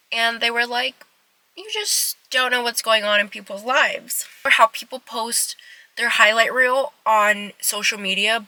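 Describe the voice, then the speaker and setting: A woman's voice: fairly high pitch, bright, forceful tone, no echo, rough recording. A young woman in her twenties talking to her phone camera in a car, chatty and rambling, emotional and close to tears. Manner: chatty, rambling with many "like" fillers. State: tearful, emotional. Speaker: vlogger. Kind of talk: casual vlog talk to camera.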